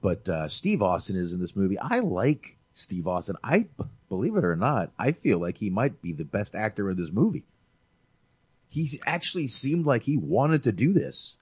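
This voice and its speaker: A man with a lowish, breathy-edged voice co-hosts a movie podcast at a normal pace, recorded without echo. The conversation is relaxed and energetic, laced with swearing, and he calls his friend "dude."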